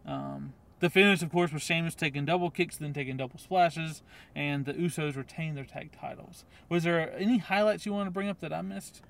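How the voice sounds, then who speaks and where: A man's voice: a little high, a little fast, vocal fry, fairly bright tone. A man co-hosting a wrestling podcast, chatting casually and rambling with lots of ums and little laughs. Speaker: podcast co-host. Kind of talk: casual chat.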